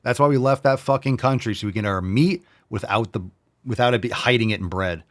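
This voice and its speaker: A man's voice: medium pitch, brisk. A man hosting a podcast in casual chat, rambling, jokey and full of profanity. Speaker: podcast host.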